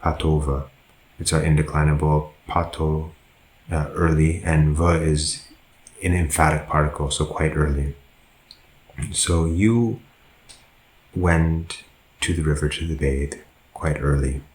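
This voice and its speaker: A man's voice: very deep voice, steady tone, a little slow, pauses often, roomy sound. A man, a monk, teaching a language lesson, who goes through example sentences patiently and often corrects himself. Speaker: Buddhist monk teaching Pali.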